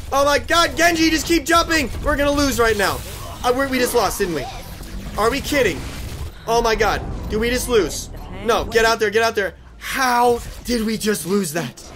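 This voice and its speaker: A man giving frantic, profane commentary while playing a team shooter game. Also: very high-pitched. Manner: frantic, swearing, yelling at teammates. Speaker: gaming YouTuber. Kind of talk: live gameplay commentary.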